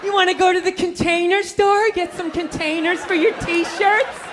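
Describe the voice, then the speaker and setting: A man imitating an eager young girlfriend in a raised, sing-song voice, pitching ideas for the day. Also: fairly even intonation, normal speed, music in the background. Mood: chirpy. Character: chirpy young girlfriend full of outing ideas.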